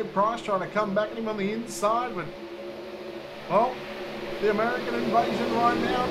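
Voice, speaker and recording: A man calling a live speedway race as play-by-play commentator, getting excited with the action. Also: high-pitched, heavy background noise.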